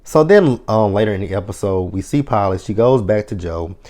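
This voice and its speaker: A man with a fairly low voice and a mellow, relaxed tone talks through a TV episode. His recap is loose and chatty, full of swearing and fillers. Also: brisk. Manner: profane, chatty retelling with many fillers. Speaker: TV episode reviewer. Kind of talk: casual recap chat.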